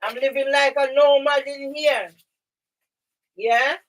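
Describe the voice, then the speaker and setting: A woman's voice: high-pitched, steady tone, slow, poor audio. A woman giving an angry, emotional monologue to camera, swearing heavily and repeatedly asking "yeah?", close to tears at times. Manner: agitated, heavy swearing, keeps asking "yeah?". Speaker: vlogger.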